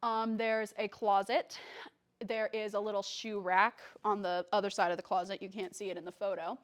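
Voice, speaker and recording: Addressing a church congregation as a guest speaker, a young woman shares a personal story casually, using many fillers and performing quoted lines. Her voice is medium-pitched and level, at a normal speed.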